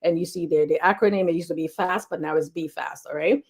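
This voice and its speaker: Chatty fast-talking woman giving health tips. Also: fairly low pitch, darkish tone. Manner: chatty, repeats key points, many fillers; talks fast. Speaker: health educator. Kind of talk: casual health talk to camera.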